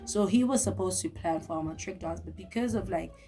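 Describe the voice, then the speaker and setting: A young woman telling a story to her viewers in a vlog, lively and talking straight to the camera. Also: fairly low pitch, brisk, faint music behind. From South Africa. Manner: animated, talks straight to the viewer. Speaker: vlogger.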